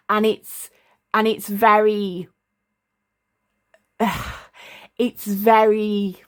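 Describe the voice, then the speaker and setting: Halting woman vlogger, slow talk. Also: mid-range voice. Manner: rambling, halting, searches for words. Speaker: tarot vlogger. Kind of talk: casual talk to camera. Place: indoors at a desk. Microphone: desk camera.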